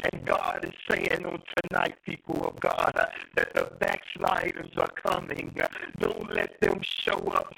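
A man's voice: very deep voice, vocal fry, bright, forceful tone, rough recording. A man preaching a prophetic sermon with rhythmic repeated phrases, breaking his lines with "uh" and "hallelujah".

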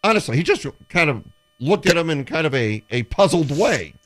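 A man's voice: on the high side, moderate pace. A man on a sports talk show, telling stories and acting out the voices of the people in them. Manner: animated storyteller who acts out quotes. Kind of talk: casual radio show chat.

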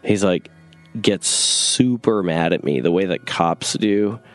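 Young man, very low voice, casual rambling storytelling, lots of "like", acts out quoted voices. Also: takes it slowly. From North Carolina. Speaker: guest storyteller.

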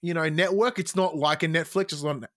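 A fairly high-voiced man hosting a casual podcast. He talks in an excitable, animated rush, swears freely and keeps restarting his sentences. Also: brisk. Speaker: podcast host.

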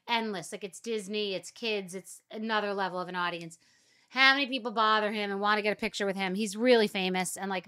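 A middle-aged woman holds forth in a casual monologue, blunt and peppered with swearing. Her voice is bright and forceful, with emphatic punches on key words. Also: medium pitch. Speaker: podcast host.

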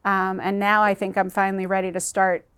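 A woman sits as a guest in an interview and tells a painful personal story. Her voice sits at a middle pitch. She is earnest and emotional, and she halts at times. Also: flat delivery, fairly quick, fairly bright tone, smooth.

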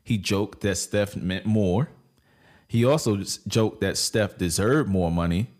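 Male sports talk co-host, low voice, blunt and slangy. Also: unhurried, a little mellow. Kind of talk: casual opinionated sports talk.

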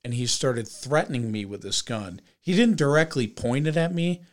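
A young man hosting a podcast, telling a story in casual chat with lots of swearing and loud acted-out quotes. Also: medium pitch, moderate pace. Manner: animated, profane storytelling with shouted quoted voices. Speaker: podcast host.

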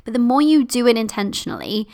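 A woman hosting her own podcast, bubbly and playful, going sing-songy when she gets excited. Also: on the high side, fast talker, creaky. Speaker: podcast host and success coach. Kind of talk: solo podcast talk.

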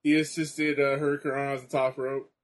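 A man's voice: medium pitch, flat delivery, moderate pace. A man chatting casually while watching a match, giving easygoing running commentary. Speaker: co-viewer. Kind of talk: casual watch-along chat.

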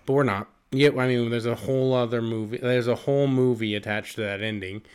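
A young man co-hosting a casual movie podcast. He talks excitedly, swears often and fills his talk with "like". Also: mid-range voice, brisk, clean tone. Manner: excitable, swears a lot, lots of "like". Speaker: podcast co-host. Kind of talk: casual movie review chat.

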